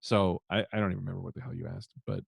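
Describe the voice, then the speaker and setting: Brief: male comic guest, lowish voice, animated and profane, dry close mic. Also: very fast, vocal fry, husky, no echo. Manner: profane, animated, acts out shouted quotes. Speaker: comedian guest. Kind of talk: storytelling in casual podcast chat.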